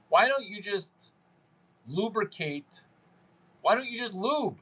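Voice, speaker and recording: A man with a somewhat high voice hosts a livestream, talking to his viewers in an unhurried, drawn-out way. He rambles, teases and jokes crudely, now and then mimicking the people he talks to. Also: lively intonation, pushed and bright, slightly rough, low-quality recording. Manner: brash, rambling, crude, mocking. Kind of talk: unscripted livestream chat with viewers.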